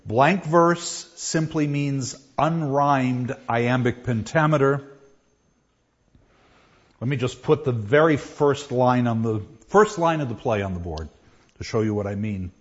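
A man's voice: medium pitch, husky. Man, teacher, classroom lecture, explains with spoken examples, dull lo-fi sound. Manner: explains with examples, reads lines aloud with pauses.

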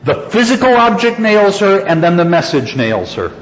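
A man teaching literature, reading a story aloud and stopping to explain it with deliberate emphasis. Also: sits high, sing-song. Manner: reads passages then explains them, deliberate and emphatic. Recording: echoey hall, dull lo-fi sound.

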